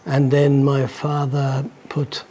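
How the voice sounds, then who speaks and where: A man in his sixties from England, recalling his life in an interview, rambling and halting with restarts. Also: medium pitch, monotone, mellow, a little hiss or hum. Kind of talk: casual recollection.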